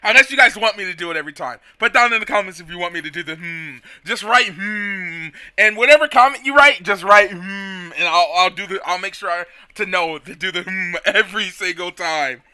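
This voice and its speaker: A man talks over a game in a casual, rambling way, often restarting sentences and leaning on "kinda" as he explains things. His voice is high for a man and sounds very bright and forward. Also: brisk, hardly any pauses. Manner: rambling, loose phrasing with lots of "kinda" and restarts. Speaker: gaming channel host. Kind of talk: casual gameplay commentary.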